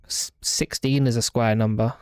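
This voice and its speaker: A man streaming a horror game, thinking aloud through a puzzle with halting restarts and puzzled muttering. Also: medium pitch, fairly even intonation, clean tone, dry recording, clean studio sound. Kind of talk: live gameplay commentary, thinking aloud.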